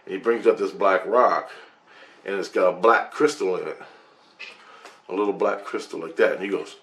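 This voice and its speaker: A man with a low voice recounts a strange personal experience in a loose, rambling way. He swears freely and gets excitable as he tells the story. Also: moderate pace. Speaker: vlogger.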